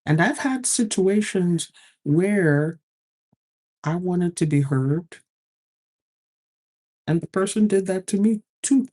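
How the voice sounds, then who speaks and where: Woman host with a mellow voice, lively storyteller who acts out the dialogue. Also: lowish voice, slow pace, pauses often. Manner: animated, acts out quoted exchanges. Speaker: advice host. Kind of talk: storytelling talk.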